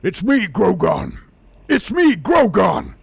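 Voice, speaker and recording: A man voicing a gruff, hulking male orc with a thick, gravelly growl, as if talking through a mouthful of marbles. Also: high-pitched, wildly swooping pitch, slow, no room sound, voice pushed up, heavily acted. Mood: menacing.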